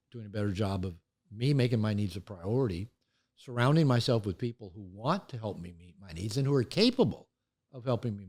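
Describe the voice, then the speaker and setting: Older man, animated candid storyteller. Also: mid-range voice. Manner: animated storytelling, acts out quoted voices. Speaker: author and therapist guest. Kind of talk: candid interview talk.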